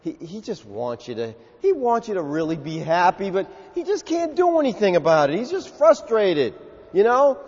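A pastor preaching a sermon, telling stories with animation and acting out the voices of the people in them. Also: male voice, high-pitched, normal speed, husky. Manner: animated storytelling, acts out quoted voices. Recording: dull lo-fi sound with long hall reverb.

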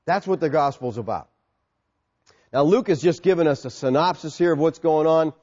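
Emphatic male preacher, high and animated voice, echoey hall. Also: moderate pace, muffled recording. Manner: emphatic, asks and answers rhetorical questions. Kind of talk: sermon.

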